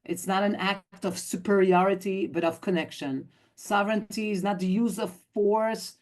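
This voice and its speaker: A woman's voice: mid-range voice, steady tone, moderate pace, a little mellow. A woman in her fifties, from Belgium, giving a talk over a video call in an emphatic way and acting out quoted dialogue. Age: 50s. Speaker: guest speaker, activist. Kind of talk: online talk.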